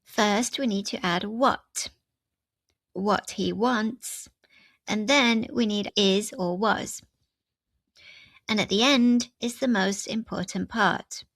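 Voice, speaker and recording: A woman's voice: mid-range voice, slow, pauses often, fairly bright tone, no echo. A woman teaching an English grammar lesson, walking through example sentences step by step.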